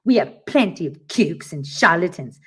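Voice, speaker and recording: A sneering, pompous lawyer, put on by a woman who drops her voice low to mock him. The delivery is stiff and self-important, every word dripping with disdain. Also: lively intonation, moderate pace, husky. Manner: mocking, disgusted, low put-on voice.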